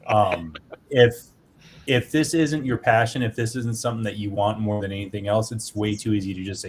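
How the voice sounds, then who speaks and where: A man's voice: fairly low pitch, brisk, a little hiss or hum. A man who is a guest and indie comic creator, talking earnestly in a casual podcast chat, rambling with many fillers.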